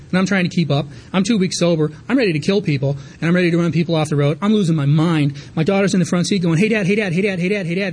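Man, 30s, recovery share, candid and rambling, quick delivery, slightly high voice. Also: darkish tone, husky. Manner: candid, rambling with fillers and restarts. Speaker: recovery meeting speaker. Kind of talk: personal recovery story.

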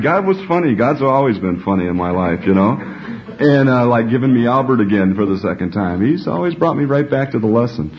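A man telling his recovery story to a group, salty and profane, laughing often as he talks. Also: medium pitch. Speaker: speaker sharing at a recovery meeting. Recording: dull lo-fi recording, faint noise.

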